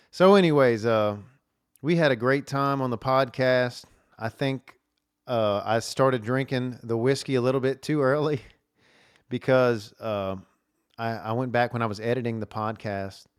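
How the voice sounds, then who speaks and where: A man's voice: mid-range voice, a little slow, clear, resonant tone, no room sound, studio quality. A man hosting a solo podcast, telling stories in a rambling way with lots of fillers and restarts. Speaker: podcast host. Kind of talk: casual solo podcast monologue. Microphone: camera recording at a desk.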